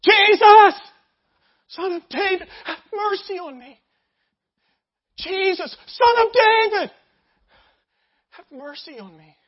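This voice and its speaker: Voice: very high-pitched, slow, pauses often, dull audio, voice pushed up. A preacher acting out a desperate blind beggar crying out. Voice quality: loud pleading cry, stretched words. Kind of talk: sermon re-enactment.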